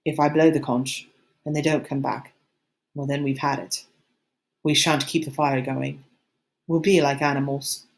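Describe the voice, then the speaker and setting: A woman's voice: very deep voice, flat delivery, measured pace, gravelly, long pauses, heavily acted. A woman voicing a worried, earnest boy who leads his group, speaking cautiously, in an audiobook reading.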